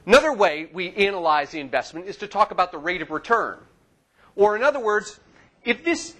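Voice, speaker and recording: A man in his forties giving a classroom lecture in a lecture hall, lively and asking his audience questions. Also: on the high side.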